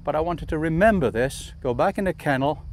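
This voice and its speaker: A man training a dog outdoors, explaining each step and calling the dog with calm, coaxing commands. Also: a little high, fairly quick, slight background noise. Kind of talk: instructional demonstration. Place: outdoors in a field.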